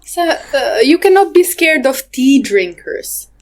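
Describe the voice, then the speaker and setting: A woman's voice: sits high, big pitch swings, takes it slowly. A woman co-hosting a podcast in casual chat, teasing and rambling with lots of fillers and laughter. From Albania. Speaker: podcast co-host. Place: lives in England, near Leicester.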